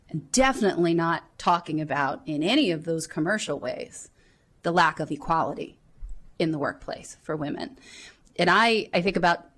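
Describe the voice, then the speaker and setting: A woman in her forties, a council member, giving earnest, reflective formal remarks. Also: on the low side.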